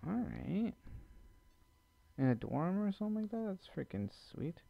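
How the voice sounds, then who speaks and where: A man's voice: high-pitched, sing-song, a little slow, creaky. A man giving nervous let's-play commentary to his viewers while he plays a horror maze game, joking about being scared. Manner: jumpy, talks to viewers, nervous jokes. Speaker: gamer playing a horror maze. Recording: dull lo-fi mic.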